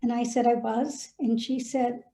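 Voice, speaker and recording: A woman's voice: fairly high pitch, flat delivery, unhurried, echoey room. A woman who was a head of school, telling a personal story and giving earnest, heartfelt advice to school leaders over a video call. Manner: earnest, heartfelt, gently urging. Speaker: former head of school, guest speaker.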